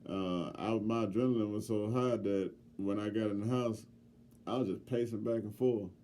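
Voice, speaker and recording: A middle-aged man co-hosting a podcast, telling a story in casual chat with heavy profanity and lively, loud swings when he quotes himself. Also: lowish voice, moderate pace, a little hiss or hum. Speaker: podcast co-host.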